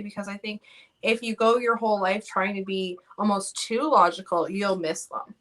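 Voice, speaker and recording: Woman guest, bright tone, earnest, laughs easily. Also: medium pitch, fairly even intonation, moderate pace. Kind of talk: casual chat.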